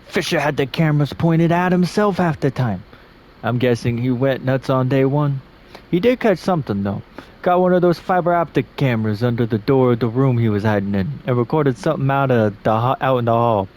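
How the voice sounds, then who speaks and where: A man's voice: medium pitch, animated, brisk, darkish tone, lightly acted. A man voicing a chatty male office agent who gossips to a coworker in a put-on accent, loose and swearing. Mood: gossipy.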